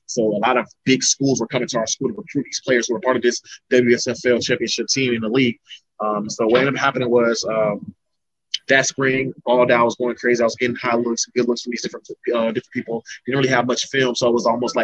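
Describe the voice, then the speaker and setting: A man's voice: mid-range voice, flat delivery, fast, fairly bright tone, no room sound. A young man from Florida, an MMA fighter telling his story in a rambling, casual interview. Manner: rambling, restarts sentences often. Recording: dull lo-fi recording.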